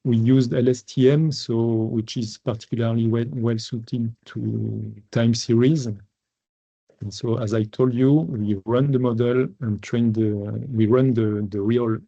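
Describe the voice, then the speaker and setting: A man's voice: medium pitch, fairly even intonation, unhurried, vocal fry, warm tone, no room sound. A man giving a technical webinar talk over a video call, hesitant, with many fillers and restarts. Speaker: researcher presenting at a webinar. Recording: dull lo-fi webinar audio, dry.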